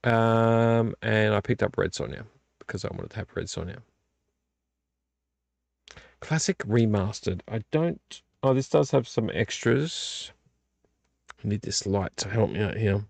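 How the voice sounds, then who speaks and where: Tired vlog host, gravelly, dry close sound, rambling chat. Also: male voice, fairly low pitch, a little slow, pauses often, dry recording. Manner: relaxed, rambling, complains about covers. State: tired and yawning. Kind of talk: casual late-night chat. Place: home room.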